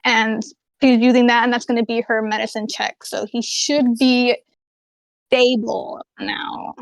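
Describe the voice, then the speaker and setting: A woman's voice: on the high side, little pitch movement, a little slow, vocal fry, dry recording. Rambling woman player, dry close sound. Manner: rambling, explanatory with fillers like 'kinda, like'. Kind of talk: describing her character's actions.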